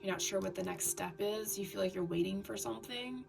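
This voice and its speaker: A woman giving a tarot reading in a scratchy voice, talking haltingly with fillers and restarts. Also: medium pitch, gravelly. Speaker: tarot reader. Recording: distant mic with background music.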